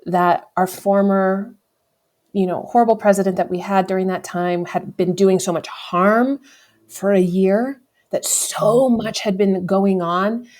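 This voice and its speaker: A thirty-something American woman on a podcast shares a personal story candidly and reflectively, speaking a little slowly with a medium-pitched, darkish voice and fairly even intonation. She often corrects herself and laughs.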